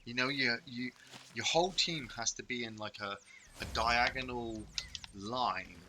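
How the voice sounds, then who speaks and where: A man's voice: medium pitch, measured pace, sharp tone, a little hiss or hum, rough recording. A man hosting a casual gameplay video, chatting in rambling asides while he plays. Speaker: host.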